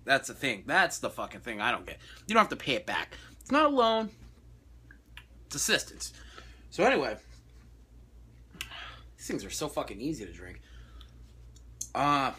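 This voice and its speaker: A man's voice: medium pitch, big pitch swings, normal speed, pauses often, sharp tone, slightly rough. A young man ranting casually and profanely about his day, exasperated and blunt. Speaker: vlogger. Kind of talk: casual rant.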